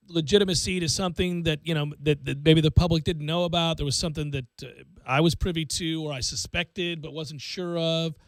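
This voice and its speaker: Guy hosting sports talk radio, kinda high voice, fired up, dry studio sound. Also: no echo. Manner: animated, fast, acts out hypothetical speeches.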